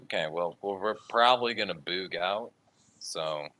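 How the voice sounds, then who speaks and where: Very deep, hard-edged man, blunt and profane. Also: sharp tone. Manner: blunt, profane, halting with fillers. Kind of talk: casual political debate.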